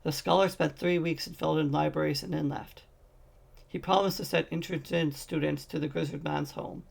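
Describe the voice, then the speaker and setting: A man's voice: a little high, steady tone, normal speed, vocal fry. A man narrating a fantasy short story as a fan audiobook, reading steadily with occasional slips.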